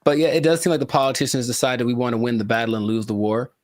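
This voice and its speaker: A man hosts a casual podcast with animated, jokey energy and plenty of rambling asides. His voice is mid-pitched. The recording is dry and close, with no room sound. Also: racing, no room sound. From California. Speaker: podcast host and musician.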